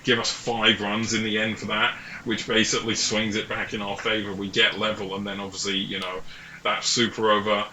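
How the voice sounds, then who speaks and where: A man's voice: fairly low pitch, flat delivery, a little fast, pushed and bright, a little hiss or hum. A young Englishman hosting a casual sports chat, enthusiastic and jokey. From England. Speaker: host. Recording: roomy echo.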